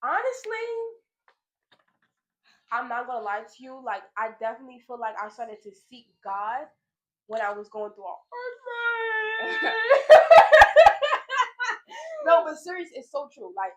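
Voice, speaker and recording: A young woman telling a personal story in a casual chat with her sister at home, animated and laughing often. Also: fairly high pitch, normal speed. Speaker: vlogger, big sister. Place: home, pajama night.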